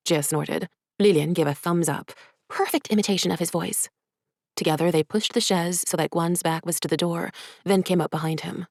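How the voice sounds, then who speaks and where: A woman, an author, reading her own short story in soft, measured, hushed narration. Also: fairly low pitch, steady tone, no room sound, clean studio sound.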